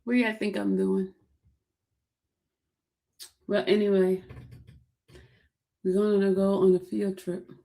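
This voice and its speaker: A woman hosts a casual livestream chat on a streaming setup, speaking directly to viewers by name and repeating herself along the way. Her mid-range voice is gravelly and dark in tone, with a flat, slow delivery and frequent pauses.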